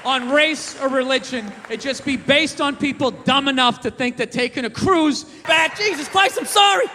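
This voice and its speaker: High-pitched ranting stand-up comedian, man. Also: normal speed, crowd noise, noisy background. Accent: Boston. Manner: loud ranting storytelling. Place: comedy stage in a large venue. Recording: live stage recording with hall reverb.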